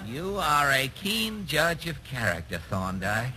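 A man's voice: medium pitch, big pitch swings, slow pace, sharp tone, poor audio. A man hosting a 1940s radio comedy interview, playing the dry, wry straight man. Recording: hissy old radio broadcast.

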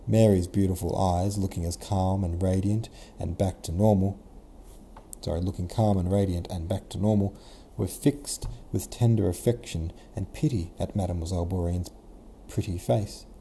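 A man's voice: low-pitched, fairly even intonation, moderate pace, warm tone, a little hiss or hum. A man reading a classic novel aloud in a casual modern retelling, as the podcast host. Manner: casual modern retelling, occasional self-corrections. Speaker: podcast host and audiobook reader. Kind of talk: scripted narration.

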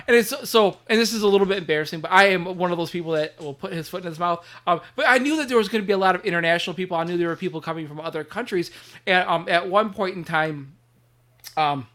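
A man talks fast and eagerly in a relaxed conversation. He keeps restarting his sentences and piling on fillers. His tone is bright and forceful. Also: sits high. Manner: excitable, rambling, with many restarts. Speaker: podcast guest, toy collector. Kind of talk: casual chat.

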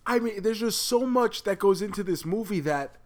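A man with a fairly high voice co-hosts a casual pop culture chat. He talks in an animated way, swears freely and exaggerates for comic effect. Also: normal speed. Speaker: podcast co-host.

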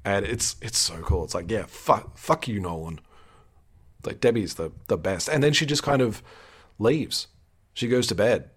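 Male co-host, husky low voice, loose and profane. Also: normal speed. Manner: animated, swears freely, acts out quotes. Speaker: podcast co-host. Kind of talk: casual recap chat.

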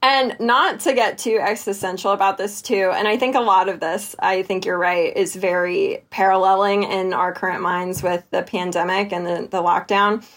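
A woman's voice: medium pitch, steady tone, moderate pace, hardly any pauses, fairly bright tone. A woman appearing as a guest on a podcast, chatting reflectively and enthusiastically about a book. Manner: reflective and enthusiastic, acts out her own reactions. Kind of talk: casual book discussion chat.

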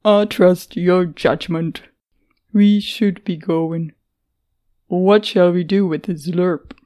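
A woman's voice: on the low side, steady tone, takes it slowly, dark tone. A woman voicing a formal, loyal young man. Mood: measured. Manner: formal, no contractions.

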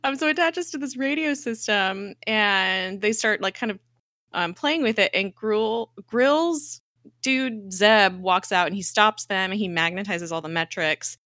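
A woman's voice: mid-range voice, measured pace, sharp tone, no room sound, studio quality. A young woman hosting a podcast, casually recapping a TV episode in a chatty way, with lots of "like" and "um" and the odd swear word. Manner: chatty, fillers like "like" and "um", swears freely.

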